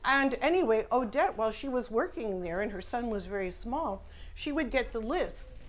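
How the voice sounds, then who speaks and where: Woman author, earnest conversational storyteller, higher-pitched, live indoor event. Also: expressive, moderate pace, a little hiss or hum. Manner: earnest, conversational, many "you know" asides. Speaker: author speaking at a salon event. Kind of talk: casual storytelling talk.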